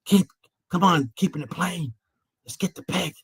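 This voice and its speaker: A man's voice: high-pitched, moderate pace, husky, no echo. A man hosting an online panel, ranting in a mocking, profane way, stammering and repeating his phrases. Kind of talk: heated live-stream rant.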